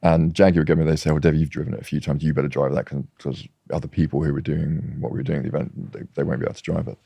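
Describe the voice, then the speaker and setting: A man's voice: extremely low pitch, very fast, vocal fry, no room sound, highs cut off. A man guest chatting casually, telling anecdotes with many restarts. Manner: animated storyteller, trailing restarts. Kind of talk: casual chat.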